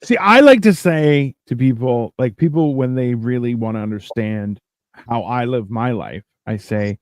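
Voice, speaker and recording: A man's voice: mid-range voice, expressive, normal speed, no room sound. A man hosting a podcast, chatting casually in a rambling, joking, self-mocking way. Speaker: podcast host. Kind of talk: casual comedic chat.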